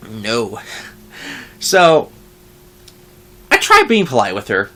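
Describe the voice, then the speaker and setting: A young adult vlogger letting off steam at a home mic in a casual rant. The pitch leaps up and down, and the curses come thick. Now and then the voice mocks people it is annoyed at. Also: slow pace, pauses often. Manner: animated, swears a lot, mocks others.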